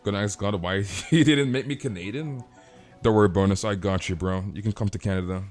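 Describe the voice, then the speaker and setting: A man's voice: lowish voice, brisk, a little mellow, faint music behind. A man chatting casually on a live game stream, ranting animatedly and peppering his talk with "freaking" and "dude".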